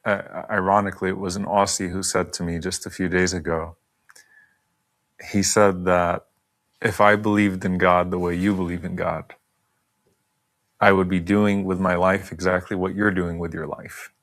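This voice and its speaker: A man hosting an interview, asking questions and reflecting in a measured, thoughtful way. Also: low-pitched, level tone, a bit bright. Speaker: podcast host. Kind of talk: conversational interview.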